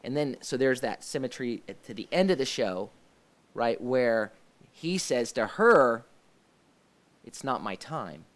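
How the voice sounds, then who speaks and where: A man's voice: medium pitch, lively intonation, measured pace. A man hosts a casual discussion about a faith-based series. He rambles, trails off and restarts his sentences, with plenty of fillers along the way. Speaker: host of a church discussion show.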